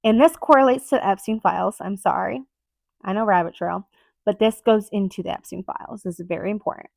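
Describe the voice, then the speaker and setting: Woman, podcast host, solo monologue, earnest, emphatic, rambling, medium pitch, dead dry sound. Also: brisk, vocal fry, darkish tone, no room sound.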